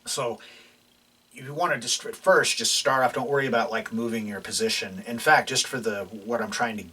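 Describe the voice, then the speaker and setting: A man's voice: medium pitch, normal speed, husky, distant mic. A man teaching a casual guitar lesson, explaining loosely with lots of fillers and restarts. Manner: relaxed, explains while playing, many fillers and restarts. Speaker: guitar instructor. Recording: voice from off mic, guitar playing behind.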